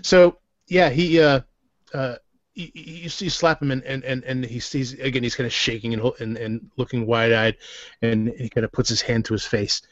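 A man narrating as game master in a tabletop game, halting and full of restarts. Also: mid-range voice, fairly even intonation, no echo. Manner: halting, many fillers and restarts. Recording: dry, dull lo-fi sound.

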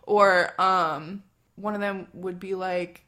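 A woman's voice: fairly low pitch, fairly even intonation, takes it slowly, a bit bright. A young woman hosting a podcast in casual chat, swearing freely and laughing often as she tells stories. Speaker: podcast host.

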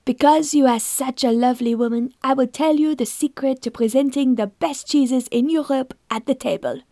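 A woman voicing a slim, grand-mannered Frenchman, talking slowly and lingeringly. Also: high-pitched, dark tone, dry recording, studio quality. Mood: fussy, seductive. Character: suave slim Frenchman, cheese expert, grand temperament.

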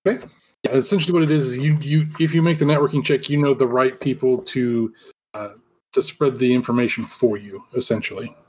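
A man running a tabletop game as game master, talking in a relaxed way with many fillers. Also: medium pitch, a little fast, slight background noise.

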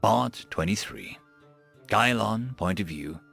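A man narrating a science-fiction audiobook in a dramatic, expressive manner. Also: lowish voice, slow, gravelly. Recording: dry close mic with faint music.

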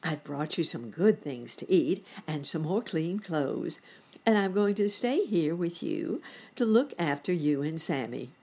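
Give me a woman playing a brisk, motherly muskrat housekeeper, breathy and low. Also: very animated, warm tone, exaggerated voice. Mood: caring.

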